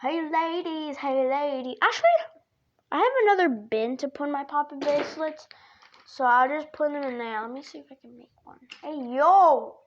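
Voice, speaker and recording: A woman's voice: high-pitched, a little fast, muffled recording, a little hiss or hum. A woman chatting casually to her viewers in a playful, giggly way, full of jokey asides. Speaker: vlogger. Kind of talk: casual rambling chat to camera.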